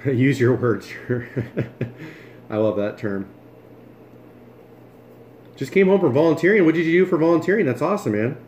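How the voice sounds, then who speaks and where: A man's voice: on the high side, lively intonation, moderate pace, pauses often, darkish tone, roomy sound, a little hiss or hum. A man hosting a casual cooking livestream from his home kitchen, chatting and joking as he moves around and eats. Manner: chatty, jokey, talks while moving and chewing.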